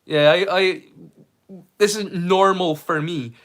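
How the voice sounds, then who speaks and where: High-voiced chatty streamer man. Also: slow. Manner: joking, swears freely, chatty banter with viewers; greets viewers loudly and brightly. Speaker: livestream host. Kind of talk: casual watch-along commentary.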